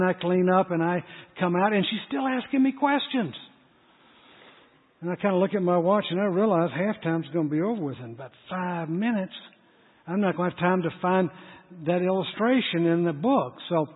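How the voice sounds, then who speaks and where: A man with a high, husky voice preaches a sermon, acting out the parts of his story. His voice sounds tinny and thin, and a long reverb trails after it in a large hall. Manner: animated, acts out dialogue in story. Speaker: pastor.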